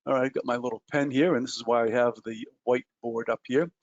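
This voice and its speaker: A man's voice: mid-range voice, steady tone, fast, dry recording, dull audio. A man teaching a trading webinar at a whiteboard, talking loosely with lots of ums and uhs and self-mocking jokes.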